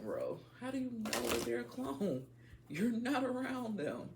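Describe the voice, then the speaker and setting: A woman's voice: fairly high pitch, big pitch swings, measured pace, gravelly, noisy background. A woman hosting a casual tarot reading, talking straight to her viewers in a blunt, slangy, profane way. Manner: talks straight to viewers as y'all. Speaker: tarot reader.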